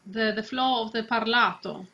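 Lady voice coach, slow, kinda high, muffled lo-fi sound. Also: sharp tone. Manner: demonstrates lines slowly, drawn-out Italian vowels. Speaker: vocal coach. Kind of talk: singing lesson.

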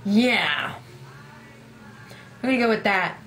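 A woman's voice: medium pitch, expressive, slow, a bit bright. A young woman telling a rambling, self-deprecating story in a casual vlog, acting out her own past lines. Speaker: gaming vlogger.

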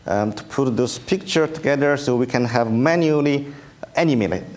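This engineering research review talk takes place in a conference room, where a man with a Chinese accent, his first language being Chinese, presents slides. His medium-pitched voice is a little mellow, his delivery halting with many ums and uhs, and his humor lightly self-deprecating.

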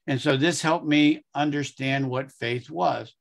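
A man preaching a sermon, telling a story in an earnest, unhurried way and briefly acting out the voices of the people in it. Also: on the high side, steady tone, creaky.

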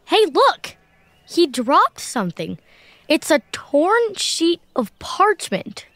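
A wisecracking kid adventurer who boasts and grumbles, played by a woman in a family audio adventure. The voice sits high and leaps about in pitch. The recording is dry and close. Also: big pitch swings, slow pace, fairly bright tone, no echo, heavily acted. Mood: playful. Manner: wisecracking, impatient. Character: Max, cheeky sporty kid adventurer. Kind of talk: children's audio drama.

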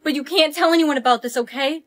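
A woman's voice: high voice, quick pace, no echo, studio quality. A woman acting out dramatic POV skits, voicing several characters. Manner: dramatic, playing many characters. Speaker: skit creator.

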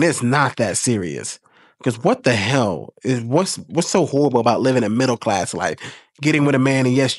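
A man's voice: mid-range voice, no room sound, studio quality. A man hosting a casual commentary video, blunt and profane, lecturing in an exasperated way.

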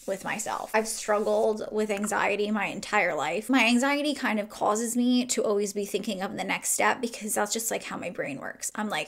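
A woman's voice: fairly high pitch, a little fast, hardly any pauses. A woman in her twenties chatting casually while doing her makeup at home, rambling and filling her talk with "like". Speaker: beauty vlogger. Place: home, getting ready.

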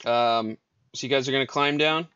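A man narrating as dungeon master, describing scenes with many fillers and pauses. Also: mid-range voice, pushed and bright, clean tone, dry recording, muffled recording. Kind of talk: narrating a tabletop game.

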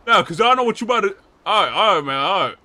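A man roleplaying a gang member in a crime game, frantic and swearing, repeating himself as he yells for help. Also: sits high, expressive, racing. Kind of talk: in-character GTA roleplay.

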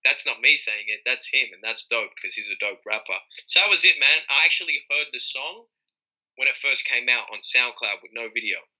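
In a casual interview recorded with poor audio quality, a young man who raps tells the story of how he reacted, speaking at normal speed. He animatedly performs his own surprise, breaking into abrupt high-pitched exclamations.

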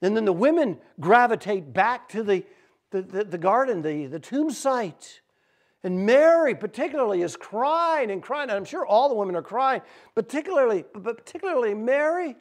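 Animated, informal pastor telling a story. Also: male voice, sits high, normal speed. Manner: informal, animated retelling with fillers and repeats. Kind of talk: sermon storytelling.

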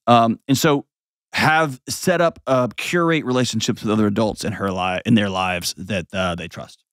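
Blunt, animated male advice host. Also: medium pitch, a little fast, no echo, studio quality. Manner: blunt, animated, mimics voices mid-sentence. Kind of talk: casual advice talk.

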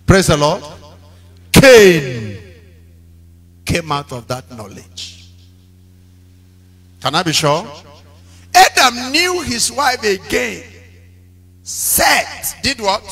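A man preaching a sermon, telling stories with drama and breaking into shouted call-and-response lines. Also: high-pitched, slightly rough. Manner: dramatic storytelling. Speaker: pastor.

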